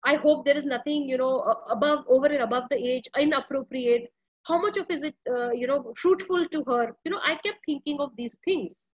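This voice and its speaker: A woman's voice: high-pitched, fairly quick, no echo, lo-fi sound. A woman speaking earnestly to parents at an online school workshop, often pleading and using many fillers. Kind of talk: parenting workshop talk over a video call.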